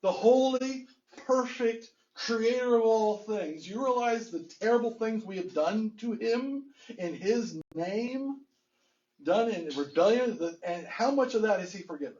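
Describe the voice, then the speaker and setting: Earnest preaching pastor, slightly high voice. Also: male voice, a little slow, a little mellow, highs cut off. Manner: earnest, rhetorical questions, chuckles often. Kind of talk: sermon. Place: church sanctuary.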